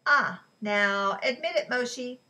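A man's voice: very high-pitched, slow, sharp tone, pitched above the performer's own voice, heavily acted, poor audio. A woman doing a jovial, teasing sailor man. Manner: teasing, formal phrasing. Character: jovial teasing male sailor, fond of chess.

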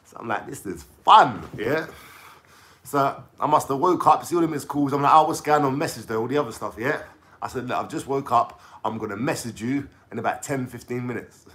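A young man from London talks straight to his viewers, piling up slang and asides as he tells a long story. He keeps checking in with a quick "yeah?" and drifts off on tangents before picking the thread back up. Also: mid-range voice, a bit bright. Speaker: vlogger telling a story. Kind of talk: casual storytelling vlog.

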